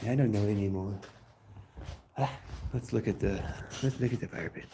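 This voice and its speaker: A man's voice: on the low side, fairly even intonation, normal speed, vocal fry. A man chatting offhandedly on a livestream as he works in his garage, muttering to himself. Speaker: livestream host. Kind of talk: casual livestream chat while working. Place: home garage. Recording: noisy garage with clanking tools.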